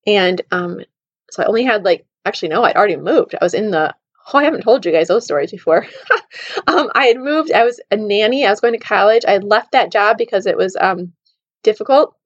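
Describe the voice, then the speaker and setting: A woman in her thirties hosting a podcast, telling personal stories in an animated, heartfelt way. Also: medium pitch, fairly quick, no room sound, highs cut off. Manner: animated, emotional storytelling with laughs. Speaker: podcast host. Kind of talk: storytelling podcast monologue.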